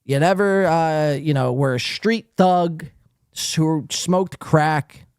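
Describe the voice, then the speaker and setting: A man's voice: a little high, takes it slowly, a little mellow, smooth, no echo, clean studio sound. A man hosting a live podcast, reading chat comments aloud and ranting at a viewer in a profane, confrontational, taunting way. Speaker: podcast host.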